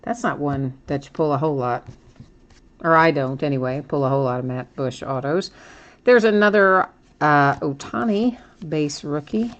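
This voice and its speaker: A woman's voice: low-pitched, moderate pace, highs cut off. A woman hosting a live trading card break, chatting and thinking aloud with frequent small laughs as she opens packs.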